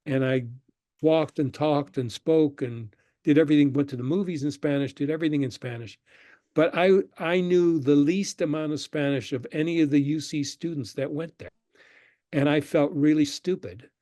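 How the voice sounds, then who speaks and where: An older man recounts his story in an easygoing, anecdotal way. His voice sits a bit high but sounds mellow and warm. The recording is close and dry, with no room around it. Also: no room sound. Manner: relaxed anecdotal storytelling, acting out the people he quotes. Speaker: guest, screenwriter and professor. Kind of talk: conversational interview storytelling.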